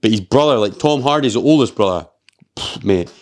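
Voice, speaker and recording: A man with a Scottish accent hosting a podcast, retelling a film in an animated, rambling way with lots of swearing and fillers. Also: mid-range voice, a little fast. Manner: animated storyteller, swears freely, heavy use of "like". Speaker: podcast host. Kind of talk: casual chat.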